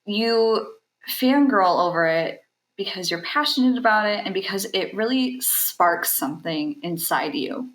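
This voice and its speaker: A young woman speaks in a casual interview, enthusiastic and chatty, with frequent ums. Her voice sits low and unhurried. The recording has a roomy, echoey sound. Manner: animated and enthusiastic, with filler ums. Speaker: podcast guest, convention talent handler.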